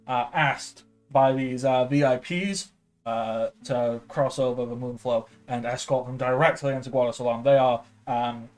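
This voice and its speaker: A man's voice: mid-range voice, close to an everyday voice. A man doing a stammering, flustered soldier. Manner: stammering, rambling excuses. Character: bumbling nervous male soldier.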